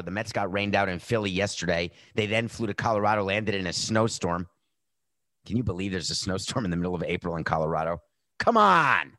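A man hosting a sports betting podcast, talking casually and animatedly, jumping between loud outbursts and muttered asides. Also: fairly low pitch, no room sound.

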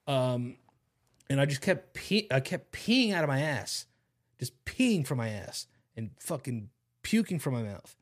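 A man's voice: medium pitch, unhurried. Rambling, profane young man telling a story. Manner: rambling, profane, animated slang-heavy storytelling. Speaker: podcast host. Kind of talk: casual storytelling chat.

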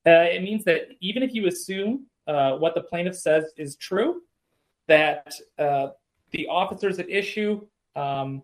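A man's voice: high voice, a little slow, low-quality recording. A man co-hosting a podcast, explaining court cases in a casual, explanatory way with frequent ums and self-corrections. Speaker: podcast co-host discussing legal cases. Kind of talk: casual legal discussion.

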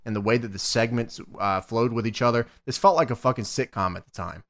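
A man's voice: mid-range voice, brisk, a bit bright. A man co-hosting a podcast, recapping wrestling in loose, profane casual chat and laughing often. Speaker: podcast co-host.

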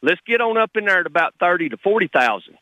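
A man's voice: high voice, very animated, quick pace, pushed and bright, dry recording, low-quality recording. A middle-aged man, a radio caller talking in a blunt, fired-up, rambling way. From Texas. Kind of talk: call-in radio talk.

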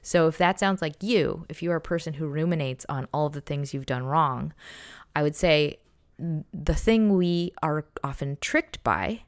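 A woman's voice: deep voice, darkish tone, no room sound, clean studio sound. A woman giving a casual self-help talk on journaling, reflective and conversational, often restarting her sentences. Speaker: journaling guide.

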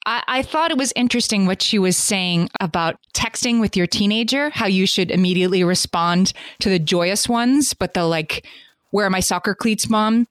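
A middle-aged woman co-hosts a podcast, thinking aloud in a relaxed, conversational way with plenty of fillers. Her voice sounds dry and close to the mic. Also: mid-range voice, normal speed, hardly any pauses, dry recording. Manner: conversational, thoughtful, frequent fillers. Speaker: podcast co-host. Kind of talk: casual podcast chat.

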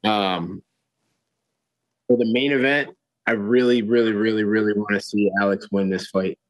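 A man's voice: lowish voice, steady tone, moderate pace, no echo, low-quality recording. A man talking casually as a guest, laid-back, with many fillers and restarts. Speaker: guest fighter. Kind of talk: casual chat.

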